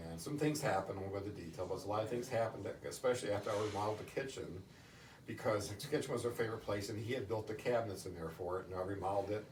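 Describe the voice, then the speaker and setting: A middle-aged man answering interview questions, telling stories in a halting way with many restarts. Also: lowish voice, darkish tone. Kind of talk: casual storytelling in an interview. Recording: distant roomy recording with faint noise.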